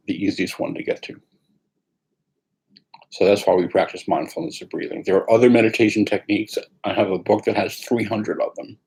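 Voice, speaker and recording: Calm, husky-voiced man teaching meditation. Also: low-pitched, poor audio. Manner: calm, unhurried, with pauses. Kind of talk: guided meditation talk.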